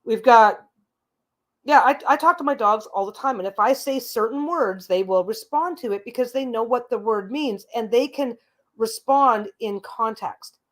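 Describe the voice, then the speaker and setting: A woman hosting her own show, telling a long casual story with lots of asides, restarts and the odd swear word. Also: normal speed. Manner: chatty, rambling, frequent asides and restarts; mimics a parrot's calls in a higher squawky voice. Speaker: host.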